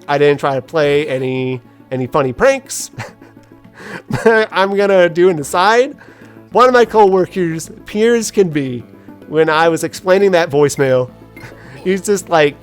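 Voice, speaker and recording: Woman, gaming commentary, casual storytelling, self-deprecating, laughing, very lively intonation, faint background music. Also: lowish voice, measured pace. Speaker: gaming video host. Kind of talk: casual let's play commentary.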